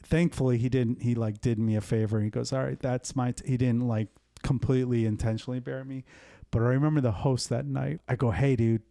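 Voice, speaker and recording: A male podcast host with a gravelly, creaky edge in his voice, swapping stories in casual banter. He swears freely and tells his anecdotes quickly. The sound is dry and close, with little room around it. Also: mid-range voice, fairly even intonation, mellow, no room sound. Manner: profane, quick anecdote telling. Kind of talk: casual chat.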